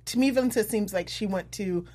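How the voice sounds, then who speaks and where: A woman chatting casually as a podcast co-host, easygoing and quick to agree. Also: mid-range voice, mellow. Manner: easygoing, agreeable, often says "yes". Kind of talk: casual chat.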